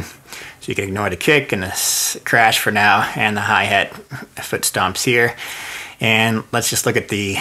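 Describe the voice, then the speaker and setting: A man's voice: lowish voice, bright, forceful tone. A man teaching drums in a casual lesson, explaining step by step and counting out sticking patterns. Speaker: drum teacher. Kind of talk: casual instructional breakdown.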